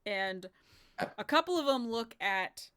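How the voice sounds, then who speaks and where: A woman's voice: on the high side, expressive, unhurried, a bit bright, clear, resonant tone. A woman acting as game master, narrating a tabletop game in a chatty way and laughing often.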